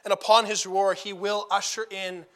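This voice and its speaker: A man preaching a sermon, emphatic and repeating phrases for stress as he builds to loud declarations. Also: sits high, flat delivery, moderate pace.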